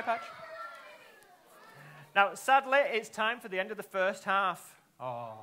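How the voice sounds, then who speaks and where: High bouncy guy doing a kids magic show, bright voice, faint crowd of kids in back. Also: a little hiss or hum. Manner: playful, teasing, asks the audience lots of questions. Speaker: children's magician. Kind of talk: live kids' show patter. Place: live show in front of children.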